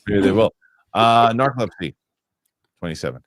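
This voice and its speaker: A low-voiced man hosts a live talk show and reads viewer comments aloud, one after another. He rambles and restarts his sentences, and he gets heated over small pet peeves. The sound is dry and close, with no room in it. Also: expressive, normal speed, no echo. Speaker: show host.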